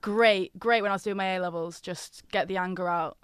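Smooth-voiced young woman guest. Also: on the low side, fairly even intonation, a little fast, no echo, clean studio sound. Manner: laughing, short casual answers. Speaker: singer guest. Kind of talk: radio interview. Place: radio studio.

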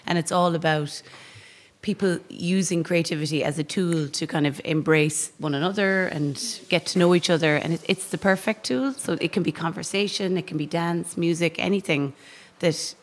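An Irish woman arts officer explaining funding on a radio interview, measured in tone. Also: fairly low pitch, steady tone.

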